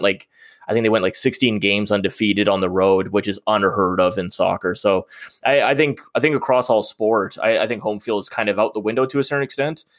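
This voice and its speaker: Rambling low-voiced young man. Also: a bit bright, no echo, clean studio sound. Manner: rambling, hesitant, laughs often. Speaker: podcast co-host. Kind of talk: casual sports chat.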